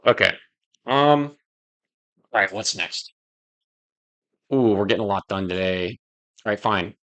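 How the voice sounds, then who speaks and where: Young man, fairly low voice, casual livestream chat, rambling, filler-heavy, jokey. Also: a little slow, pauses often, a bit bright. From United States. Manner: rambling and jokey, lots of "like" and laughing. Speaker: streamer.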